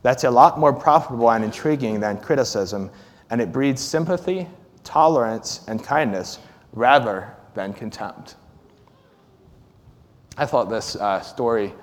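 Male preacher, mid pitch, earnest, slightly halting, long hall reverb. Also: animated. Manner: earnest, pausing with fillers, reading with feeling. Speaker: speaker giving a talk. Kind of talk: sermon with a story read aloud.

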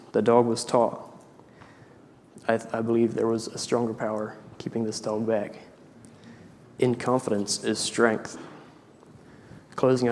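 Male preacher doing a measured story reading, mid pitch, long hall echo, faint noise underneath. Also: a little mellow. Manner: measured reading, frequent throat clearing. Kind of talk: story reading and short devotional.

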